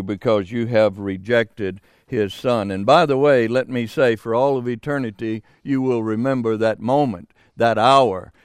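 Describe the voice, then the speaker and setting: An older man preaching a sermon, slow and emphatic with dramatic pauses. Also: mid-range voice, smooth, no room sound, studio quality.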